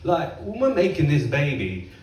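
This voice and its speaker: A man performing a chatty, self-mocking stand-up set and acting out voices in loud bursts. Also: fairly high pitch, wildly swooping pitch, moderate pace. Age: 30s. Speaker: stand-up comedian. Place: comedy club stage, heard from across the room. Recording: roomy live club recording from a distance. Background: faint audience laughter.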